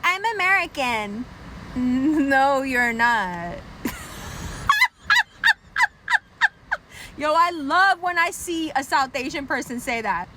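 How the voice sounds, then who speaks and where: A woman with a high, bright, sharp voice delivers a profane comedic rant on her podcast. She talks brashly and mockingly, and a faint hum of noise runs behind her. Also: poor audio. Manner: brash, profane, mocking, drops into low put-on voices to quote people. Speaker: podcast host.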